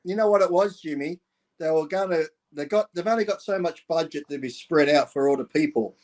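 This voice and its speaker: A man chats casually on a podcast, blunt and joking, swearing as he goes. His voice sits a little high. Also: fairly quick, darkish tone. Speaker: podcast co-host. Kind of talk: casual chat.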